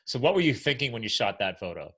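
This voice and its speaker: A man hosting a podcast interview, chatting casually and playfully, jumping up in pitch when he jokes. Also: fast talker, slightly rough. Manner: animated, playful, jumps up in pitch when joking. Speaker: podcast host. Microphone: video call.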